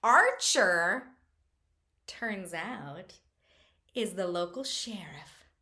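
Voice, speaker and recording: A woman's voice: medium pitch, animated, extremely slow, sharp tone. A woman hosting a casual book chat, recapping a novel in a chatty way with lots of fillers and wry asides. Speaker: book reviewer host.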